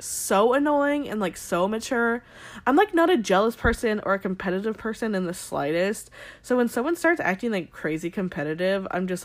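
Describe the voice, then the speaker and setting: Young woman rambling on camera, candid and sweary, tons of "like", talks right at the viewers. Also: mid-range voice. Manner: rambling, heavy "like" filler, frequent swearing; addresses viewers directly, candid and opinionated. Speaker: vlogger recapping a TV episode. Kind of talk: casual chatty recap to viewers.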